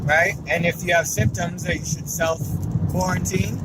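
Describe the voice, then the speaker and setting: A man performs a stand-up set from behind the wheel, telling his stories in a wry, conversational way. His voice sits a little high. Loud car and road noise runs under everything he says. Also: steady tone, unhurried. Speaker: stand-up comedian. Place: car, while driving. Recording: noisy car interior.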